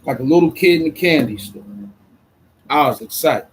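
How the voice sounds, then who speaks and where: An adult man from Brooklyn, chatting casually on a livestream in an excitable, rambling way full of street slang. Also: on the high side, moderate pace, a little hiss or hum, poor audio. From Brooklyn, New York. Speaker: vlogger.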